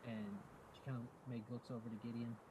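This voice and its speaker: A man narrating a tabletop game as game master, relaxed and halting with fillers. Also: medium pitch, background noise.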